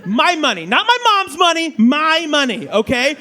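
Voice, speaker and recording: A man in his thirties doing a stand-up comedy set on a club stage, animated and slipping into mock voices. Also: extremely high pitch, normal speed. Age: 30s. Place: comedy club stage before a live audience. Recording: live club audience faintly heard. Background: audience laughter.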